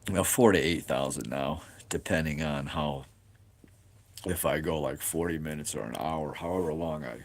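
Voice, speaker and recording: A deep-voiced man in his late forties hosts a casual live chat with viewers at a normal speed. He rambles and thinks aloud, filling his talk with "you know" and "like."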